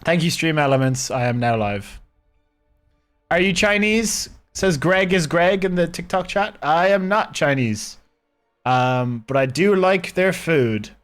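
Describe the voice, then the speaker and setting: A man's voice: a little high, animated, a little slow, soft background music. A man streaming a game live from his own room, rambling casually and chatting with his viewers. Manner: rambling, chatty, talking to chat.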